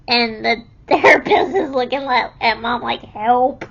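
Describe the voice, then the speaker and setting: A young woman with a high voice recounts her stories at an unhurried pace. She laughs often and acts out the lines of the people in them. The recording sounds a little dull and lo-fi. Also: gravelly, background noise. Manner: laughs often while telling, animated quoting of others. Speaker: vlogger telling her life story. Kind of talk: casual storytelling.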